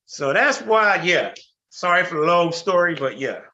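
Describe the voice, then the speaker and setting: A middle-aged man telling a story on a video call, blunt and animated, full of slang and cursing. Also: sits high, normal speed. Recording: muffled video call audio.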